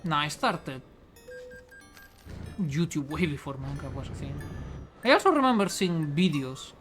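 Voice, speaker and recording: A man's voice: on the high side, normal speed. Tired, swearing man streaming with music behind. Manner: flat, tired, often swearing. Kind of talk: casual live-stream chat while playing.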